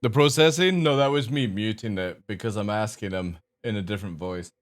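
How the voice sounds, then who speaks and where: Streaming live, a man chats casually with his viewers at a fairly quick pace while coaxing his dogs in a high, sing-song voice.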